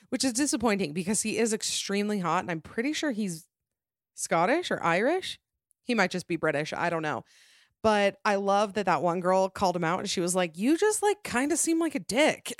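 A young woman hosting a podcast, chatting casually and gossipy with quick self-mocking asides. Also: medium pitch, dry recording, clean studio sound. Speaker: podcast host. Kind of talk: casual chat.

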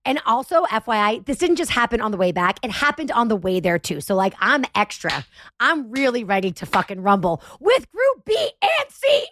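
A woman podcast host telling a comedic story in a profane, animated, self-mocking rant. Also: a little high, moderate pace, no room sound, studio quality.

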